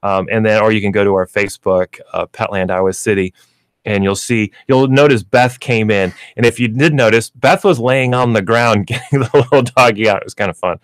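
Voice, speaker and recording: Speaking fairly quickly in a lowish voice, this man runs a pet store radio program and explains pet training in a chatty, filler-heavy style. He's in a radio studio, there's no echo, and the talk is radio pet advice.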